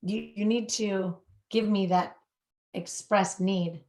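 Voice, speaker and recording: A woman hosting a podcast, in casual, lively talk that often trails off and restarts. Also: medium pitch, slow. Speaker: podcast host. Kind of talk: casual conversational chat.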